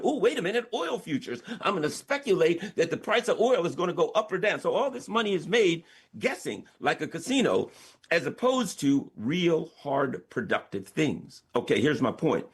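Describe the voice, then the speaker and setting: A man's voice: medium pitch, husky. A middle-aged American man giving opinionated radio commentary, emphatic and sarcastic, full of rhetorical questions. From United States. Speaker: political commentator.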